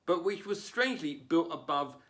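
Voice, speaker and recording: Comic, lively wry delivery, fairly high voice, dry self-mocking stand-up. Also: male voice, normal speed. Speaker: stand-up comedian. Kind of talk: stand-up comedy monologue. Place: home, performing without an audience.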